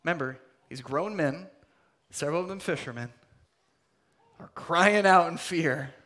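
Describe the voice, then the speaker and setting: Male pastor, slightly high voice, expressive sermon delivery that swings from emphatic to hushed. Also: measured pace. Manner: dramatic, swings between loud emphasis and hushed near-whispers.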